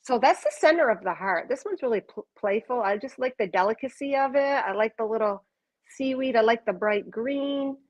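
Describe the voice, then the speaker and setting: A woman giving a live oracle card reading, talking softly and wandering between thoughts with gentle excitement. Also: on the high side, brisk, poor audio. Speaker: card reader.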